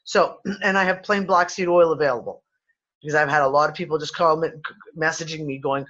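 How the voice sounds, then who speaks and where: A man's voice: on the high side, brisk, a bit bright, muffled recording. A man with a West Midlands English accent, co-hosting a casual chat, rambling and swearing freely with many restarts. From England. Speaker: podcast co-host.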